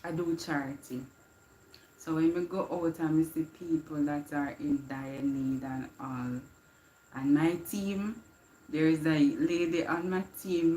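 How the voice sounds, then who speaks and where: Lady live streaming, low voice, drifts into patois, laughs a lot, roomy echo. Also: slight background noise. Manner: reflective, slips into patois, laughs often. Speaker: livestream host. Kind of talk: casual inspirational chat.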